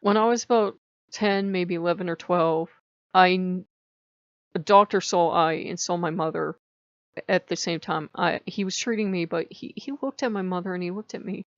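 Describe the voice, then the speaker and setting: A woman's voice: lowish voice, normal speed, dry recording. A middle-aged woman vlogging about her own life, blunt and confessional, swearing freely as she tells her story. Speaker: spiritual vlogger. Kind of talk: candid personal storytelling. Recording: dull lo-fi home recording.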